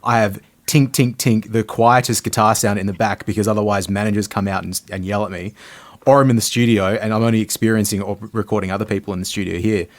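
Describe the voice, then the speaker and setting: A man's voice: on the low side, fairly even intonation, fast, dry recording. A man co-hosting a gear podcast in casual chat, rambling and easygoing about gigging. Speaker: podcast co-host, gigging guitarist.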